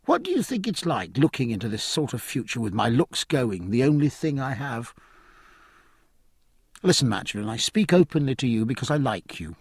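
A man's voice: medium pitch, very animated, moderate pace, gravelly, slightly rough, no echo, clean studio sound, full character voice. A man reading an audiobook, voicing a spirited, outspoken young woman who is scornful and impassioned. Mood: bitter. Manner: scornful, impassioned, sharp-tongued. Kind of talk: audiobook character voice.

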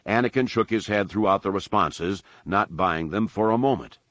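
A deep-voiced man narrating an audiobook in a measured, dramatic way. His voice sits very low, and the recording is dry and close with no room sound. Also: a bit bright, no echo. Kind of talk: scripted narration.

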